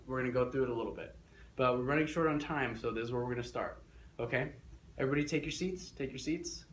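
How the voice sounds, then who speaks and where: An energetic young man teaching a class, coaxing students along and repeating instructions. His mid-range voice sounds a little echoey in the classroom, with faint noise behind. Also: medium pitch. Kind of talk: classroom lesson.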